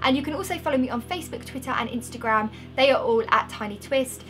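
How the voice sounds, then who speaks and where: A woman's voice: high-pitched, fast talker, hardly any pauses, fairly bright tone, soft background music. A young woman, chatting upbeat and friendly in a casual product review. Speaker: beauty vlogger.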